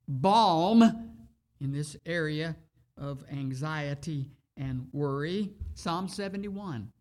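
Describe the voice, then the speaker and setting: A preacher reads scripture aloud and expounds on it in a sermon. The delivery is extremely slow and measured, with long pauses between phrases. Important words are repeated for emphasis. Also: medium pitch.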